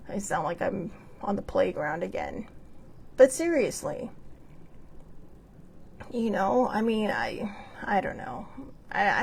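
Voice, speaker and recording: A woman host talks in a loose, rambling monologue, stopping and restarting as she goes. Her voice is gravelly and husky, and her pitch swings widely up and down. She sounds earnest and drops in a casual swear word now and then. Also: lively intonation, measured pace, long pauses, darkish tone. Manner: rambling and conversational, with frequent fillers and restarts; earnest, with bursts of laughter and mild swearing.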